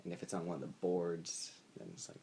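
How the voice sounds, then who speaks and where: Deep-voiced, hesitant young man. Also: steady tone, a little fast, dark tone. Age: young adult. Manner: laid-back, hesitant, searching for words. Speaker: podcast co-host. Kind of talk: casual chat.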